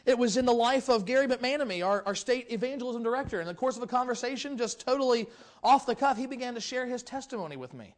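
Male preacher, high, quick delivery, acts out the quotes. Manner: animated, acts out quoted voices. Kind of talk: sermon storytelling.

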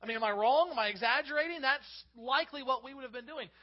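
A male pastor preaching a sermon, reading scripture aloud and explaining it in an animated way. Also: very high voice, fast. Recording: slightly dull lo-fi recording.

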